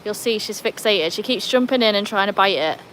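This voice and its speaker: A woman from Wales chatting casually with livestream viewers outdoors by a pool, breaking off to scold and cheer her dogs in a high sing-song voice. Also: expressive, a little fast, fairly bright tone, slight background noise. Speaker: livestream host.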